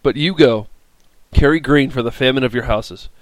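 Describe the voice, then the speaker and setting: A man voicing a stern, commanding governor who puts his brothers to the test. The delivery is formal and weighty, a little louder than plain reading, and the recording is dry and close. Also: mid-range voice, moderate pace, no room sound, lightly acted, rough recording. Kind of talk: scripted scripture reading.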